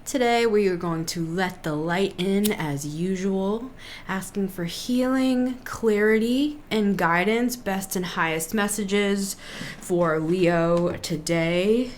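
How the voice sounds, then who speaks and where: Young woman reading tarot on camera, talkative and laughing easily, animated delivery. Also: medium pitch, slow, a little hiss or hum. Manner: chatty and giggly, lively emphasis. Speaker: tarot reader.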